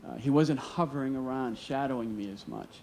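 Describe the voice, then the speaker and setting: A man's voice: mid-range voice, fairly quick, a little mellow, a little hiss or hum. Male live storyteller, earnest and vivid, voices the dialogue himself. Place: stage at a museum storytelling event.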